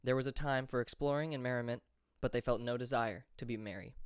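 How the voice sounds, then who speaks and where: A man reading a fantasy audiobook chapter as narrator, in a steady, measured way. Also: medium pitch, clear, resonant tone, no echo, clean studio sound.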